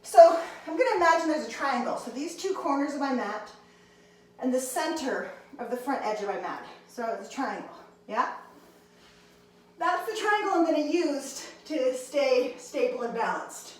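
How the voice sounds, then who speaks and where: A woman's voice: high voice, animated, normal speed, heavy reverb, distant mic, low-quality recording. A woman teaching a handstand class, encouraging her students and counting reps aloud, a little out of breath. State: slightly out of breath. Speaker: handstand instructor. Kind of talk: fitness class instruction.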